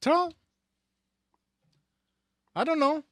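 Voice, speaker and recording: A man's voice: very high voice, very slow, sharp tone, no echo, studio quality. A man co-hosting a tech talk show, speaking casually in a rambling, sarcastic way with many restarts. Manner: rambling, sarcastic, self-correcting. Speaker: radio show host.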